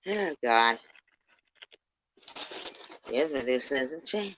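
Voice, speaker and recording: A woman with a low voice rants angrily on a livestream, her delivery swinging widely between muttering and shouting. She swears constantly and talks heatedly to someone she despises. The stream audio is dull and lo-fi. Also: very animated, unhurried, long pauses. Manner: profane, heated, swings from muttering to loud outbursts. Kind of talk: angry ranting livestream commentary.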